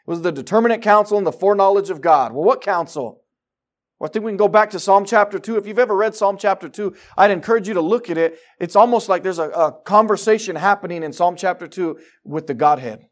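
A man preaching a sermon with fervour, swinging from low, quiet stretches to loud, emphatic bursts. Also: fast talker.

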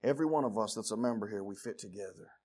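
A man with a lowish voice races through a sermon, telling folksy, jokey stories. He swings between hushed asides and loud outbursts.

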